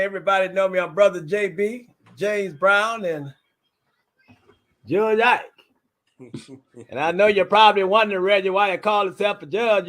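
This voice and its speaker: A man guesting on a casual comedy chat, joking and boasting in quick bursts. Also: high-pitched, a bit bright. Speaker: guest, brother of the host.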